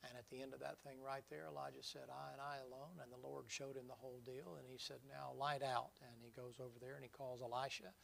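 A man's voice: mid-range voice, flat delivery, fast talker, vocal fry, few pauses, fairly bright tone. A man preaching a sermon in a folksy, vivid storytelling manner.

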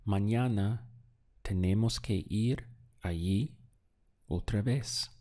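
A man in a recorded lesson, patient and deliberate, pausing for the learner to answer. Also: lowish voice, warm tone. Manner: slow, patient drills with pauses for the learner. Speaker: language teacher.

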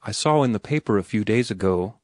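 A man reading a genteel young lady in an audiobook, her voice lifted a little above his own low register, earnest and questioning. The recording is close and completely dry, with no room sound at all. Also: lively intonation, fairly quick, a little mellow, no echo, natural voice. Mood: disappointed. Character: young genteel woman, prim and reproachful.

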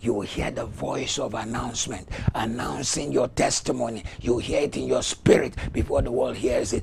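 A male pastor preaching a sermon with rhythmic, repeated declarations and prayer in tongues. He moves between hushed whispers and loud shouts. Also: medium pitch, fairly even intonation, normal speed, vocal fry, hardly any pauses.

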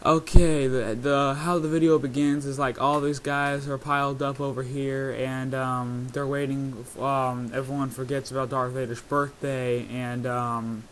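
A man's voice: medium pitch, flat delivery, measured pace, hardly any pauses, slight background noise. A man giving a casual, rambling commentary on his own homemade video, with many hesitations and fillers. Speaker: video creator.

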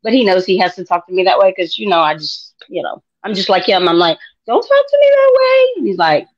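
A middle-aged American woman sharing her faith testimony in an interview, animated and acting out dialogue in voices. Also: fairly low pitch, fast talker, dull audio. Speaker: guest.

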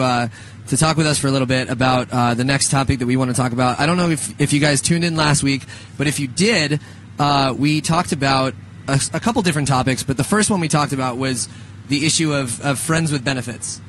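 A man's voice: mid-range voice, fairly even intonation, brisk, a bit bright, slight background noise. A young man in his twenties co-hosting a radio show, chatting casually in a rambling, joking way, full of restarts and laughter.

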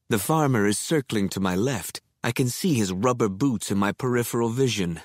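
A man narrating an audiobook in first person with slow, deliberate reading. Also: medium pitch, no echo, clean studio sound.

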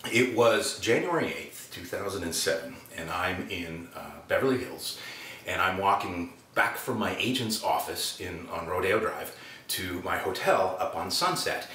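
A man tells an anecdote, his pitch jumping around as he acts out the quotes. The room sounds roomy, and he sits set back from the mic. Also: expressive, measured pace, bright, forceful tone, far from the mic, slight background noise. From Canada. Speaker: actor. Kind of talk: anecdotal storytelling.

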